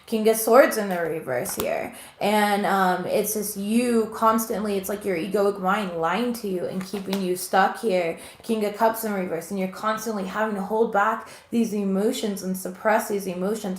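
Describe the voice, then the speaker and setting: A woman's voice: mid-range voice, normal speed. A woman in her thirties giving an earnest, emotional tarot reading to viewers. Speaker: tarot reader. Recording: echoey room with faint noise.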